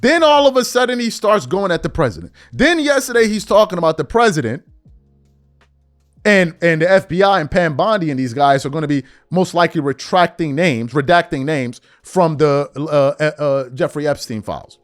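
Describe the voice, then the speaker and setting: Animated, high-voiced male podcast host. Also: moderate pace, no room sound, studio quality, faint music behind. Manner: animated, incredulous, reads articles aloud. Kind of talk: political commentary.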